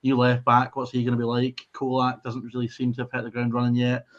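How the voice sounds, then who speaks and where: Quick Scottish co-host on dull call audio. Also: male voice, medium pitch, completely flat delivery. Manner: talks while eating, chatty. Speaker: podcast co-host. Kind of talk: casual football podcast chat. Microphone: video call.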